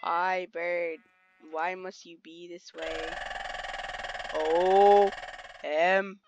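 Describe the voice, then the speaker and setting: A woman's voice: on the low side, fairly even intonation, very slow, darkish tone, a little hiss or hum. A woman giving casual, chatty commentary while playing a game, easily startled and talking to the animals around her. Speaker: gamer streaming play. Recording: dull lo-fi sound.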